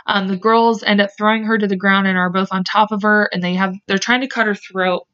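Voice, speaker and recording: A woman's voice: medium pitch, steady tone, brisk, a bit bright, smooth. Rambling woman telling a true-crime story. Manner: rambling, self-correcting, swears freely. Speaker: podcast host. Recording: dull lo-fi podcast audio.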